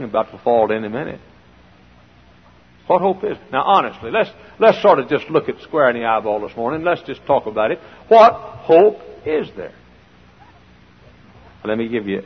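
A man preaching a sermon in a folksy style, full of rhetorical questions, swinging between loud and hushed. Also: medium pitch, creaky, slightly rough. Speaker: pastor. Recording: dull old sermon recording in a large hall.

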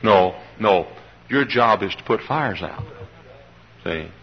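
A man's voice: lowish voice, lively intonation, slow, breathy edge, highs cut off. A man preaching a sermon to a church congregation, directing members by name and calling for responses. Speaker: pastor. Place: church service.

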